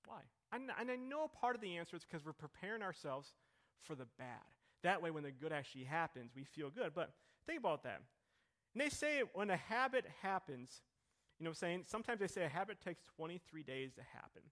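Male pastor, middle-aged, high bright voice, conversational sermon, rhetorical questions, quiet to emphatic. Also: sing-song, brisk. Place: church hall.

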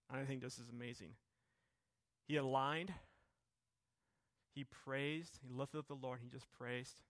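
A man's voice: mid-range voice, a bit bright. A middle-aged male pastor preaching a sermon with passion, his voice rising and falling.

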